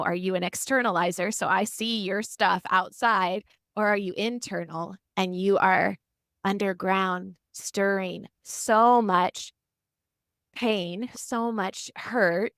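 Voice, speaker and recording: A middle-aged woman therapist, a guest on a podcast interview, telling stories and acting out the quotes with lively animation. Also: medium pitch, no room sound, studio quality. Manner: animated storytelling, acts out quotes. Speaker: family and marriage therapist, guest.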